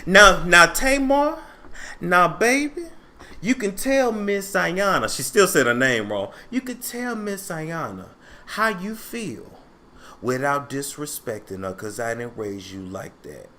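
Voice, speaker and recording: A man voicing a stern middle-aged mother who scolds her grown daughters in a firm, low, threatening tone. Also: huge pitch swings, slow, long pauses, bright, forceful tone, exaggerated voice. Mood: scolding.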